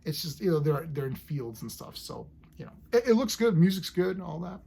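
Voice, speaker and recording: A man's voice: a little high, very animated, brisk, vocal fry, warm tone, slight background noise. A man casually reviewing a TV episode, rambling enthusiastically and acting out scenes as he goes.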